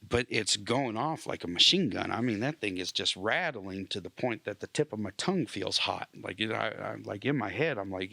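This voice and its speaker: Low gravelly man telling his testimony. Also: expressive, moderate pace, few pauses, no room sound. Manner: drops to a hushed near-whisper, clears throat often. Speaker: military veteran sharing his testimony. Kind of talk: emotional personal testimony.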